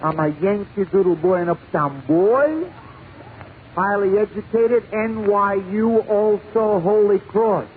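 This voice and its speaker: A cocky would-be big shot, as a male comedian plays him swaggers through his lines in a breezy, boastful way. The voice sits high for a man. It comes through a thin, phone-like old radio broadcast. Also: takes it slowly. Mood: brash. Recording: tinny lo-fi 1940s radio broadcast with faint hiss.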